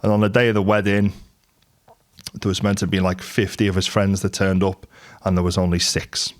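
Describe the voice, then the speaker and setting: A man's voice: deep voice, level tone, normal speed. A middle-aged man from England, giving a candid, conversational motivational talk about business and telling stories from his life. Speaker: business and property coach.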